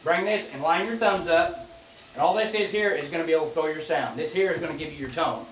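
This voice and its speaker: A relaxed, folksy man with a high voice walks through goose-calling technique, often starting his phrases over. He sounds set back from the mic in an echoey space. Faint clicks sit behind him. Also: quick pace, recorded from a distance, a little hiss or hum. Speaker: goose call instructor. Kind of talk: casual spoken demonstration.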